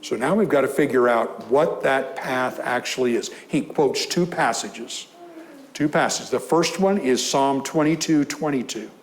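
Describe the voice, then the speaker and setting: A man's voice: medium pitch, unhurried, a little hiss or hum, low-quality recording. A man preaching a conversational sermon in church, rising to emphatic scripture reading.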